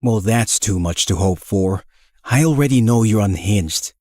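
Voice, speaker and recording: A man voicing a dry, sarcastic young male secret agent in an animated story. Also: fairly low pitch, measured pace, no room sound. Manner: dry, teasing, deadpan.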